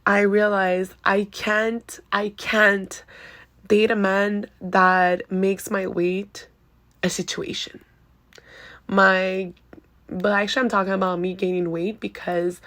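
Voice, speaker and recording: Candid woman host with a gravelly edge. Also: medium pitch, fairly bright tone. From Venezuela. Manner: candid and chatty, heavy use of "like". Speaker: podcast host. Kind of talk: casual personal monologue.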